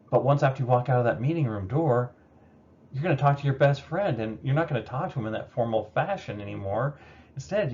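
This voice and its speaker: Guy lecturing, kinda low voice, chill and chatty, dull lo-fi recording with a little hiss. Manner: conversational, relaxed teaching with fillers. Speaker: instructor. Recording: dull lo-fi recording with faint noise.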